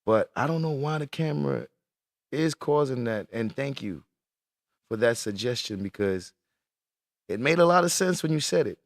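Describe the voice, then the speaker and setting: A man's voice: mid-range voice, animated, normal speed, pauses often, no echo, clean studio sound. A man live-streaming casual chat from his computer, swearing in frustration and greeting viewers as he works.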